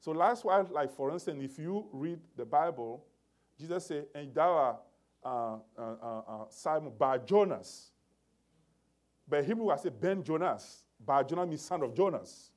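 Animated male preacher, lively pitch. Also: measured pace. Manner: animated, emphatic preaching with restarts. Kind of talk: sermon.

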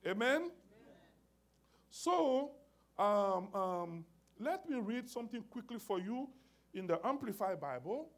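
A man's voice: high-pitched, big pitch swings, slow pace, pauses often. A man preaching a sermon, speaking with emphasis, repeating words and phrases, and often calling out to the congregation for an amen.

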